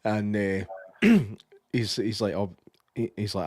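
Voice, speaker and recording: A man's voice: lowish voice, slow, a little mellow, dry recording, studio quality. A Scottish man co-hosting a podcast, casually reviewing a film and retelling its scenes with lots of swearing and quoted lines. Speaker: podcast co-host.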